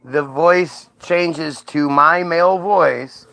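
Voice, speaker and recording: A man's voice: a little high, drawn-out words, creaky, bright, forceful tone, no room sound, poor audio. Blunt accusing American man. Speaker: streamer questioning an AI. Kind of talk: confrontational casual talk.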